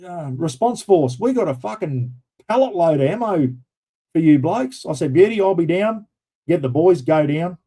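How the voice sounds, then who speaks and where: Middle-aged Australian man, casual storyteller, mellow tone, swears freely. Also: fairly high pitch. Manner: rambling army yarns, swears freely. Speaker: livestream host.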